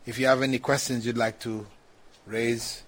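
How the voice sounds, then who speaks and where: A man giving a relaxed religious lesson, talking conversationally, laughing now and then and often saying "you know". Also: medium pitch, moderate pace. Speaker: Islamic teacher. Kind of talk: religious lecture with questions.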